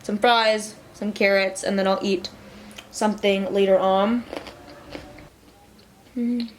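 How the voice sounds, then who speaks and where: A woman's voice: mid-range voice, fairly even intonation, slow, slight background noise. A young woman chatting casually to her viewers in a rambling vlog. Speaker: vlogger.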